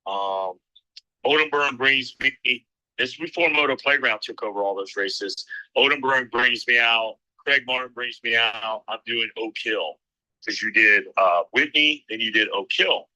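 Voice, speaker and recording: A man's voice: mid-range voice, measured pace, bright, forceful tone, poor audio. A middle-aged man who works as a race announcer, telling rambling anecdotes in a casual interview and acting out the lines he quotes.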